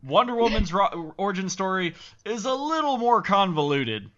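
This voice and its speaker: A man's voice: high-pitched, sing-song, moderate pace, fairly bright tone. A man co-hosting a podcast in casual chat, patiently explaining things. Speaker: podcast co-host. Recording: dull lo-fi podcast recording.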